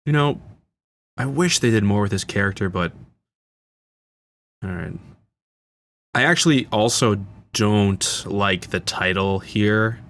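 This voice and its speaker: A man's voice: fairly low pitch, a bit bright. A man hosting a casual film commentary, talking like an enthusiastic fan with frequent fillers and restarts. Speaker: channel host.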